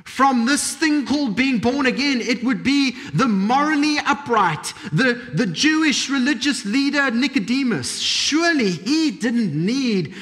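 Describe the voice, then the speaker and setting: Man doing a proud defensive religious leader, insistent, self-justifying, high voice, lively pitch. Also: a little slow, few pauses, big-room sound, heavily acted. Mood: self-assured.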